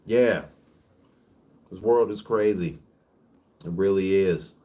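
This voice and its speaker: A man hosting his own vlog, ranting in a casual monologue that is preachy, profane and emphatic, with rapid bursts and frequent restarts. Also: low-pitched, dark tone. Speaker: vlog host.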